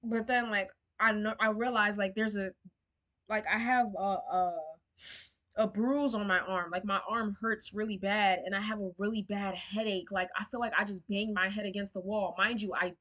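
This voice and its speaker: A woman's voice: mid-range voice, fairly even intonation, moderate pace, a bit bright. A young woman telling a storytime to camera, emotional and indignant, swearing freely and using lots of fillers. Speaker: storyteller vlogger.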